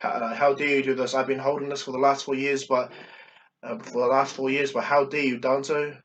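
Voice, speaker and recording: A man's voice: mid-range voice, little pitch movement, fairly quick, a bit bright, a little hiss or hum, close to an everyday voice, rough recording. A man voicing a stern middle-aged male clan leader who is blunt and confrontational, often repeating himself. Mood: angry.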